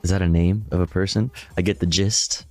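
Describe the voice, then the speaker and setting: A man's voice: deep voice, fairly even intonation, a little fast, a little mellow, soft background music. A man chatting casually and crudely with viewers on a livestream while he reacts to clips.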